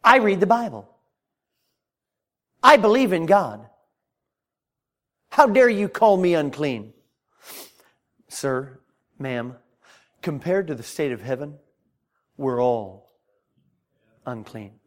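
A man preaching a fervent evangelistic sermon to a congregation in a church, surging loud then dropping quiet, with many stammered restarts. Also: fairly high pitch, takes it slowly, long pauses. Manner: impassioned, swings between loud surges and quiet intensity, frequent stammered restarts.

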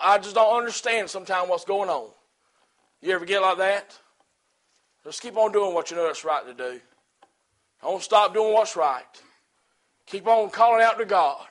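A male preacher with a high, ringing voice delivers a Sunday sermon. He builds rhythmic, repetitive calls that rise to near shouts, then drops to near whispers. His speech is plain and colloquial, and his tone is tense and bright. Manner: swings between loud shouting and hushed quiet passages. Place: church service.

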